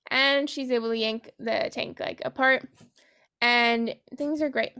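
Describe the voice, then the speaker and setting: A woman with a high voice and noticeable vocal fry is retelling a novel on her podcast. She talks in a sarcastic, casual way, swearing freely and giggling. It feels like a loose chat between friends. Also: fairly even intonation, unhurried, pushed and bright. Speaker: book podcast host.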